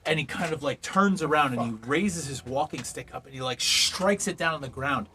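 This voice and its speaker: A man's voice: on the high side, normal speed, noisy background. A man running a tabletop game as game master, narrating in a casual, loose way.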